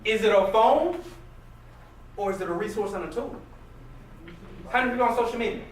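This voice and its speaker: Male motivational speaker, high and lively, far off mic in a roomy, noisy hall. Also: fairly quick. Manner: animated, jokey, questions the crowd. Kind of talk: live motivational talk to an audience. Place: hall with a live audience. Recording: distant echoey room recording with noise.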